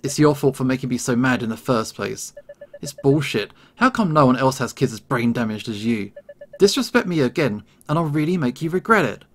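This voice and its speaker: A man voicing a hot-tempered, bullying father who scolds his kids in a harsh, yelling voice. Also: medium pitch, animated, brisk, natural voice. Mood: furious.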